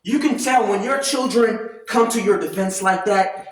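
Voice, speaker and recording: A man giving a loud, profane, heated rant as commentary while he works out, talking from a distance with no clip-on mic. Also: high voice, unhurried. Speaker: commentary vlogger. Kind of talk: ranting commentary while working out. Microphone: no clip-on mic, distant from the recorder. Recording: echoey room, far from the mic.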